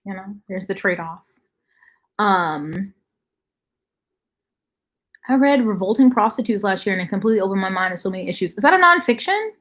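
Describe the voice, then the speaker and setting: A woman's voice: medium pitch, animated, brisk, pauses often, fairly bright tone. A young woman hosting a casual livestream, bluntly reacting to chat comments and swearing freely. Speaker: livestream host.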